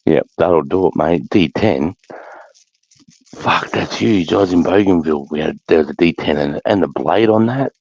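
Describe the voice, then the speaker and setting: A man's voice: low-pitched, unhurried, darkish tone, dry recording. An Australian man hosting a casual livestream chat, rambling, swearing constantly and laughing often, in slightly dull lo-fi audio. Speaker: livestream host.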